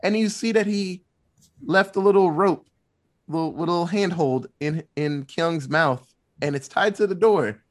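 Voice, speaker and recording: A man in casual chat retelling a movie plot, animated and loose, swearing freely. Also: a little high. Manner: animated, swearing, quick asides.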